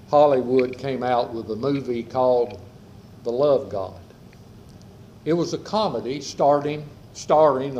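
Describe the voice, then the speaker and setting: Man preaching a sermon, unhurried and deliberate, repeating phrases, middle-pitched voice, faint hiss behind. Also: warm tone. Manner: slow, measured preaching with repeated phrases and dropping endings. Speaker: pastor. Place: church sanctuary during a service.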